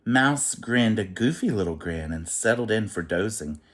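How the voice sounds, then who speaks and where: A man reading a rhyming children's picture book aloud in an expressive, sing-song way. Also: lowish voice, normal speed.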